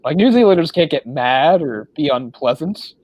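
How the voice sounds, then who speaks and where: A man's voice: fairly high pitch, expressive, moderate pace, darkish tone, no room sound, rough recording. A man co-hosting a casual film discussion podcast, talking in a rambling way with many fillers. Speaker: podcast co-host.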